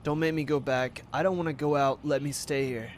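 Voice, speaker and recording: A man's voice: fairly high pitch, fairly even intonation, a little fast, a little hiss or hum, close to an everyday voice. A man voicing a frightened teenage girl singer, pleading and fearful as he reads game dialogue aloud.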